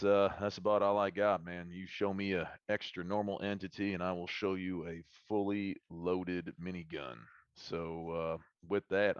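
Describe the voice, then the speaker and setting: A man's voice: sits low, smooth, no echo, muffled recording, lightly acted. A man voicing a crude, boastful male Marine monster hunter with a put-on Southern redneck accent and a swaggering, profane drawl.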